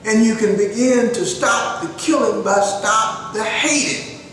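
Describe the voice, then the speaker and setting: An older man lectures in a slow, deliberate, preaching cadence, his voice pitched a little high for a man. He is recorded from a distance inside a hard steel cell, so the sound rings with a long echo over a faint hiss. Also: fairly bright tone. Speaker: show host. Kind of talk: slow moral lecture to young people. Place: jail cell, steel and concrete. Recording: echoey cell, far from the mic, faint hiss.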